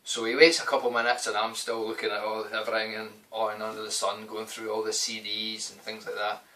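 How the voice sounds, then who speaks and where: A man's voice: fairly low pitch, little pitch movement, a little fast, bright, forceful tone, far from the mic, poor audio. A young Scottish man telling a story to camera in a rambling, casual way, swearing freely. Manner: rambling, heavy swearing, loose and conversational. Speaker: vlogger.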